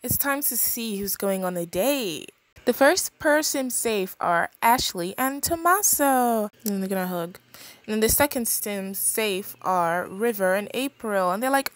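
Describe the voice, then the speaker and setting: A woman's voice: a little high, dry recording. Chatty young woman narrating her game. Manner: chatty, expressive, quick reactions. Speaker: gaming channel host. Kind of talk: casual game commentary.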